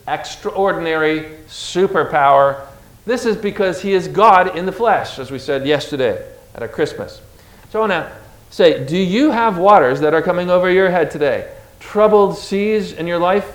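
Energetic preacher, a man in an echoey hall. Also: a little high. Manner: energetic, emphatic, has the congregation repeat words. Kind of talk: sermon. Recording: echoey room.

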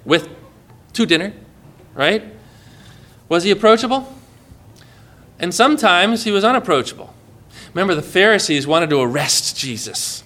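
Guy preaching, higher voice, bright and lively, chatty asides, acts out the quotes. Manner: expressive, acts out quoted lines with shifts in volume and pace; warm, conversational asides with light laughs. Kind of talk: sermon.

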